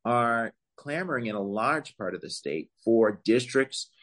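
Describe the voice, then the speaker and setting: A man giving long, measured answers as a legal expert in an interview, explaining points carefully with some fillers and emphatic rises. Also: mid-range voice, animated, a bit bright. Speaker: voting rights legal expert, guest.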